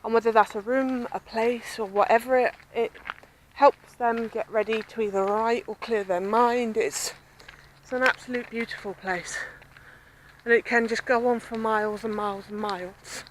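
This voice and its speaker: A woman's voice: on the high side, fairly even intonation, moderate pace, a little hiss or hum, poor audio. A woman from Southampton with a southern English accent, chatting and rambling in a casual vlog as she walks by a river. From Southampton, southern England. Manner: chatty, rambling, self-described babbling. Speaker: vlogger. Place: outdoors by a river with swans and ducks.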